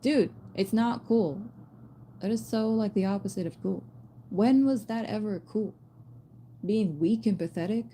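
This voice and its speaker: Blunt slangy woman with a mellow voice. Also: medium pitch, unhurried, a little hiss or hum. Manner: blunt, swearing, slangy and animated. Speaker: spiritual reader. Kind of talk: casual spiritual message to viewers.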